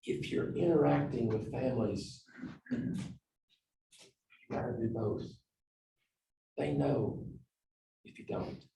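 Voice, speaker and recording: A man giving a storytelling presentation on negotiation, swinging between loud emphasis and quiet asides. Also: mid-range voice, takes it slowly, vocal fry, pauses often. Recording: echoey room, distant mic.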